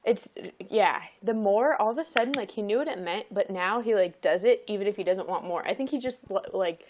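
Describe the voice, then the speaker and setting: A young woman hosting a casual livestream, talking about her toddler in a chatty, rambling way. She laughs often as she tells stories. Her voice sits at an ordinary middle pitch. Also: brisk, slight background noise. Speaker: livestream host. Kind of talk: casual chat.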